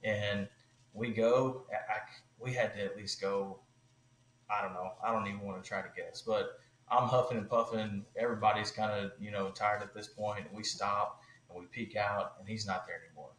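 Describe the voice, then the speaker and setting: A man telling a hunting story on a podcast, animated and loose, full of "like" and "you know". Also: fairly low pitch, normal speed, reverberant, slight background noise, poor audio. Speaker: podcast guest.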